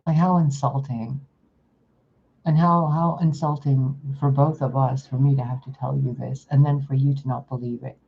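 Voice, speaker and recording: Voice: mid-range voice, flat delivery, normal speed, gravelly, slight background noise. A spiritual channeler delivering a blunt, exasperated channeled message monologue, swearing casually as the thoughts come. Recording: dull lo-fi recording.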